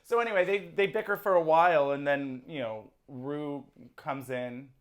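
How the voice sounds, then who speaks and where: A woman with a fairly low voice co-hosting a recap podcast. She talks in a relaxed, chatty way and laughs often as she walks through the episode. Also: moderate pace. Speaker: podcast co-host. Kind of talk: casual chat recapping a TV show.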